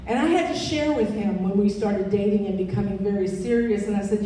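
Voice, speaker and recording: A woman's voice: mid-range voice, a little fast, hardly any pauses, dark tone. A woman in her sixties giving an emphatic personal testimony as keynote speaker, repeating phrases for weight. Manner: emphatic storytelling with repetitions. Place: large event hall. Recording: echoey hall, distant mic, faint noise.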